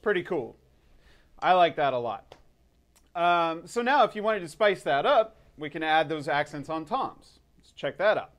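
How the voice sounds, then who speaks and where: A man teaching drums in a casual video lesson, relaxed and upbeat, counting in before he plays. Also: on the high side, normal speed, a little hiss or hum. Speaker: drum teacher.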